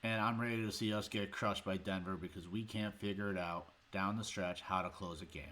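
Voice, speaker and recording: A man's voice: fairly low pitch, steady tone, a little fast, sharp tone. A man hosting a sports show, breaking down a game in a heated, exasperated rant with sarcastic jabs. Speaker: sports podcast host.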